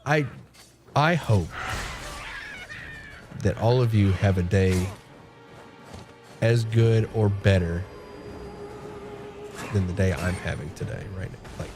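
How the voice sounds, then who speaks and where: A man's voice: lowish voice, slow, long pauses, over music. A man live-streaming a game and chatting casually, giddy and emotional, laughing often. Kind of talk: casual chat while gaming. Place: home.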